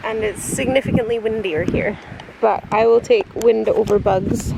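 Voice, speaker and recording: A woman vlogging from a beach, chatty and gushing, thinking out loud as she films on a camera mic. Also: a little high, moderate pace, vocal fry. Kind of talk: casual travel vlog. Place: windy beach outdoors. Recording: heavy wind noise outdoors.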